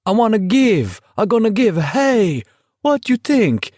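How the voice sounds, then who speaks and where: Man voicing a high, loud Italian street vendor, defiant, broken English, storybook audiobook. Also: very animated, measured pace, no room sound, studio quality, heavily acted. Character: excitable Italian male fruit vendor, defiant.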